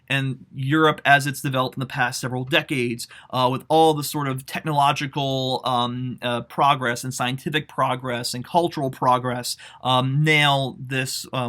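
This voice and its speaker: Bright-voiced male history teacher. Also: mid-range voice. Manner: casual, conversational explaining with frequent "um" and "you know"; poses questions to students. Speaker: high school history teacher. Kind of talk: online classroom lecture.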